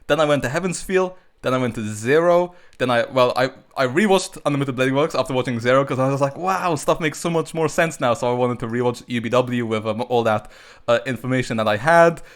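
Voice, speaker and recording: A male gaming YouTuber chats loosely through his summons, in a voice of middling pitch. He rambles with plenty of fillers and rushes of excitement. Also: smooth. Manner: chatty and rambling, many fillers, bursts of excitement. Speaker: gacha game YouTuber. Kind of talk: casual commentary while pulling on a game banner.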